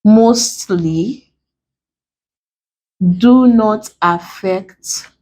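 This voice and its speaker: A woman leads an exam-prep lesson at a very slow pace. Her pitch sits in the middle. She talks in a deliberate way and spells out word endings letter by letter. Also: dark tone. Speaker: English tutor.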